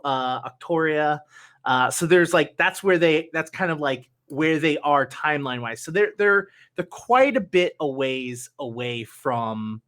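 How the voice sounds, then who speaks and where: A young man hosting a tabletop game stream, chatting casually before play with many halting restarts. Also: on the high side, fairly bright tone. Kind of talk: casual pre-show chat.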